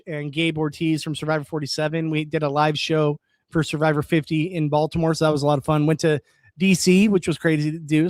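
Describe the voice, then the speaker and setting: Young guy from california chatting on his stream, excitable, laughs a lot, dead dry mic. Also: on the high side, no echo. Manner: chatty and excitable, reacts aloud, laughs often. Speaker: live-stream host. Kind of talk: casual live-stream chat, reading comments.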